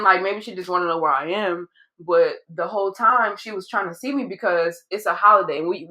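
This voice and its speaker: A woman's voice: fairly low pitch, bright, forceful tone, poor audio. A young woman who is a guest on a podcast, talking in casual chat in a candid and hesitant way, trailing off and repeating herself.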